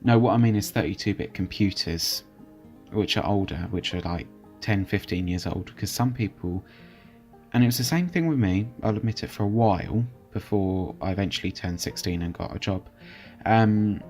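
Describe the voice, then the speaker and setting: Chatty young man with a low voice. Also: normal speed, darkish tone, faint music behind. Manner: chatty, hesitant, many fillers and restarts. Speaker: channel host reviewing software. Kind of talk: casual screen-recorded commentary.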